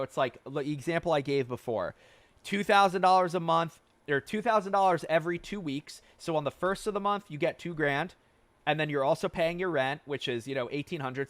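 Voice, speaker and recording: A man in his twenties hosts a casual livestream Q&A, reading viewer questions aloud in a fairly high voice, animated, swearing and getting fired up. He wears headphones and speaks into a close desk mic, with no room sound.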